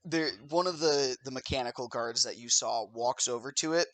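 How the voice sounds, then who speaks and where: Man, game master, tabletop game narration, bright voice, dry close sound. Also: mid-range voice, moderate pace, dry recording.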